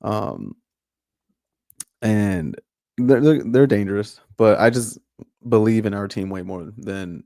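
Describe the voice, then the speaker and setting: A man's voice: lowish voice, slow pace, vocal fry, pauses often, mellow, no room sound, clean studio sound. A man co-hosting a podcast, chatting casually about football in a jokey, rambling way. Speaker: podcast co-host.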